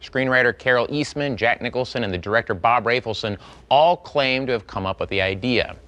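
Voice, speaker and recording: A man hosting a classic film channel, giving a measured, formal scripted introduction. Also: mid-range voice, a bit bright.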